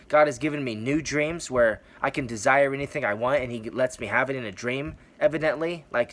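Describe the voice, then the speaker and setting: A man's voice: mid-range voice, fairly bright tone. A man giving an earnest, rambling personal testimony about his faith, repeating phrases for emphasis. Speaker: Christian testimony vlogger.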